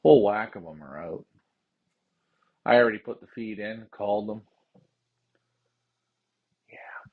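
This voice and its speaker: A man's voice: lowish voice, measured pace, pauses often. Ranting man, dull lo-fi sound. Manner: heated ranting, repetitive, profane; calm explaining while handling pigeons. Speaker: pigeon racing show host. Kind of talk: casual livestream talk.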